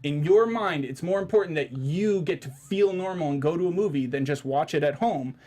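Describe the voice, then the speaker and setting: A man's voice: fairly high pitch, fairly quick, darkish tone. A man hosting a podcast in a studio, ranting in casual chat, swearing and restarting his sentences. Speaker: podcast host.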